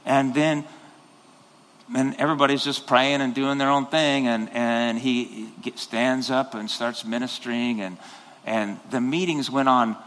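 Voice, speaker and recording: Unhurried and fairly even in intonation, a man with a mid-range, fairly bright voice preaches as pastor in a church sanctuary. He rambles and restarts, then surges into sudden passionate bursts, all under long hall reverb.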